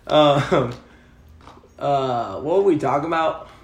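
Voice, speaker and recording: A man's voice: on the high side, very slow. Laid-back young man teasing his co-host. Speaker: podcast co-host. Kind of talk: casual chat. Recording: echoey room.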